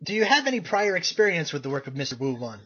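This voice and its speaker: A man co-hosting a casual movie podcast, rambling through his points with plenty of fillers and restarts. His voice is a little high for a man and husky. The recording sounds dull and lo-fi. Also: very animated, quick pace, fairly bright tone. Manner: rambling, filler-heavy, self-correcting. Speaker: podcast co-host.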